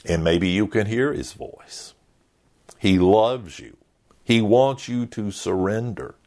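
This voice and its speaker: A middle-aged man preaching a sermon as a pastor, earnest and emphatic with dramatic pauses. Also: fairly low pitch, lively intonation, a little mellow.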